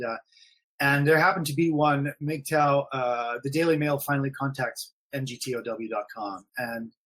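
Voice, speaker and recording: A man's voice: mid-range voice, fairly bright tone. A man talking casually on a live stream, rambling and repeating himself with many fillers. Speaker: forum admin guest.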